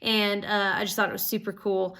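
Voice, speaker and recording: Young woman, earnest personal vlog update, gushing and rambling, mid-pitched voice. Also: little pitch movement, a little fast, bright, forceful tone. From Oklahoma. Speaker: Bible school student.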